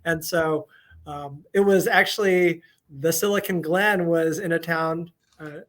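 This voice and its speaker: A man who is a guest on a podcast, chatting casually and telling stories in a lively way. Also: fairly high pitch, measured pace. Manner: lively storyteller, animated quoted asides. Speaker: guest, FBI agent. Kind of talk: casual interview chat.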